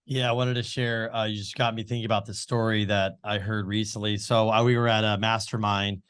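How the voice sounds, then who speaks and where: A co-host on an interview show tells a story in casual chat, loose and rambling, packed with fillers and retold dialogue. His voice is lowish, brisk and flat, with a fairly bright, clean tone.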